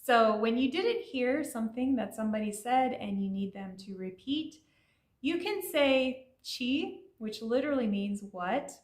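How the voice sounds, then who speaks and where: A woman's voice: fairly high pitch, lively intonation, unhurried. Friendly woman teaching, roomy sound. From Iranian family. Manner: friendly, explanatory, with fillers like "you know". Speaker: language teacher. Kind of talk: explaining vocabulary to learners.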